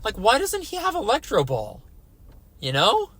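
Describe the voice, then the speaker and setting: A man's voice: very high voice, wildly swooping pitch, normal speed, a bit bright, no echo. A young man hosting a casual solo podcast, rambling and exasperated, filling his talk with "like". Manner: rambling, exasperated, heavy use of "like". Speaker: podcast host.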